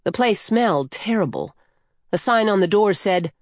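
A woman narrating a storybook in a slow, measured, lyrical way. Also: medium pitch, animated, dry recording, studio quality. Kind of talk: scripted audiobook narration.

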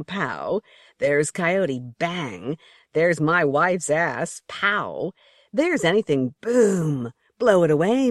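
A sly, crude coyote trickster spirit from an audiobook tale, drawling and mocking in a low, swooping voice, as a woman puts her on. She sounds brash and unbothered. The read is close and dry. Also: dry recording, exaggerated voice.

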